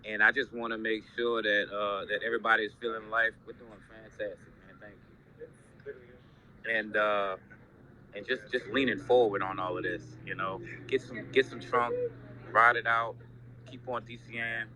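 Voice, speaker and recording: A man's voice: lowish voice, steady tone, normal speed, sharp tone. A man dropping into a casual online audio chat with upbeat, hype-filled encouragement from a noisy restaurant. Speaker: listener joining the chat.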